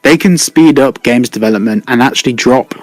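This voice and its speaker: A man's voice: mid-range voice, fairly quick, no room sound. A man on an online group call, eagerly building on the others' points. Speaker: panelist. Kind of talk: casual online group chat. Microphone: online call microphone.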